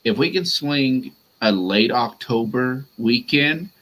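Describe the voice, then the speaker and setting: A man co-hosting a podcast, making jokes in relaxed, easygoing banter. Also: medium pitch, slow, low-quality recording. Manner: joking, laid-back banter. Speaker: podcast co-host. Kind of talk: casual chat.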